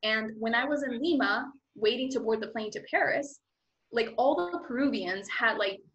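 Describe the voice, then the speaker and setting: Chatty woman with a higher voice. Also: moderate pace, lo-fi sound. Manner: chatty, filler-heavy with frequent "like"; lively, acts out her own thoughts while telling a story. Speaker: guest. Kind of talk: casual storytelling.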